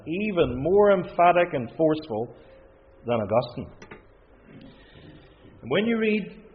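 A man preaching a sermon, emphatic and building to forceful peaks, slowing to stress quoted scripture. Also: medium pitch, big-room sound, narrow, tinny audio, slight background noise. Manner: slows and stresses scripture quotations.

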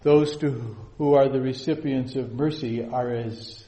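Slow, echoey preaching man. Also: fairly even intonation. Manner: swings from hushed low lines to loud soaring quotes; slow, drawn-out emphatic delivery. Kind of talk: sermon.

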